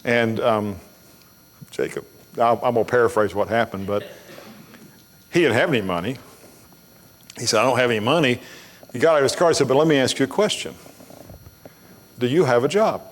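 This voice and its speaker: A man's voice: medium pitch, fairly quick, pauses often. A man preaching a sermon as pastor, telling folksy stories bluntly and building to emphatic preaching. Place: church sanctuary. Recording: long hall reverb of a church.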